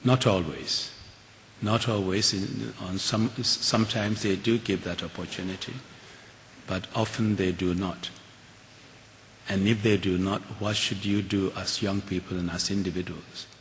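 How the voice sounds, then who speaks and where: In a lecture followed by audience Q&A, an older keynote speaker talks in a very low, earnest, measured voice with fairly even intonation. He often starts sentences over, and the large auditorium gives a long reverb with a faint hiss underneath.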